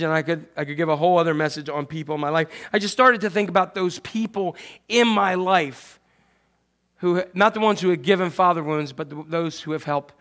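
A man delivers a sermon in a high, lively voice. He acts out quotes loudly, then drops to soft, hushed asides. He talks like a pastor chatting with his congregation. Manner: animated, swings from loud acted quotes to soft hushed asides.

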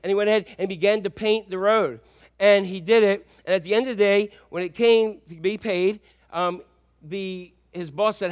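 A male pastor with a high voice delivers an animated sermon. He tells stories, drops to hushed asides and then bursts into shouts. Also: fairly quick, no room sound.

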